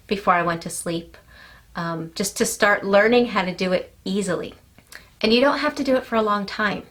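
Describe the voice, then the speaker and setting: Woman coach talking to camera, calm and explaining, mid pitch. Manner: calm, explanatory, addresses viewer directly with "okay". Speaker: life coach.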